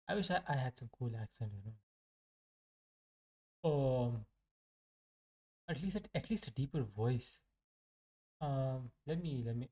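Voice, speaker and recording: A young man with a mellow, warm voice talks through his trades in a loose, rambling way. He jokes often and pokes fun at himself. His pitch sits in an ordinary middle range. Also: slow, long pauses. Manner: rambling, joking and self-mocking. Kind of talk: casual live trading commentary.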